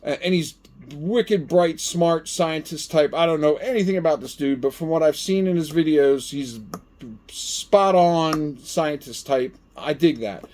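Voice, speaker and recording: A man's voice: a little high, a little slow. A middle-aged man hosting a gardening vlog, chatting casually and animatedly as he tests a gadget. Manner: chatty and animated, talks to himself while testing. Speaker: gardening channel host. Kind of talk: casual product-testing vlog.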